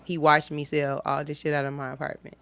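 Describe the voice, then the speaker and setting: A woman's voice: low-pitched, completely flat delivery, brisk, a bit bright, smooth. A woman comedian telling a personal story in casual studio chat, acting out the dialogue. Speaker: guest comedian.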